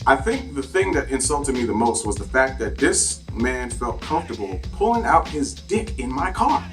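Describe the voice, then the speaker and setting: Animated man telling a driving story. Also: high voice, recorded from a distance. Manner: animated, profane, exaggerated retelling. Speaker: rideshare driver telling stories. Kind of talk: comedic storytelling.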